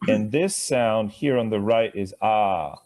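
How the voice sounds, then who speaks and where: A man's voice: on the low side, a little slow, a little mellow, soft background music. A man teaching a live Sanskrit class, chatty and asking students to repeat sounds after him.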